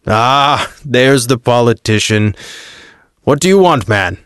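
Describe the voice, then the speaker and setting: A man's voice: mid-range voice, animated, takes it slowly, a bit bright, clear, resonant tone, dry recording, studio quality. A man voicing an impatient, sarcastic Roman governor who barks his words. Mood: irritated. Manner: sarcastic, commanding.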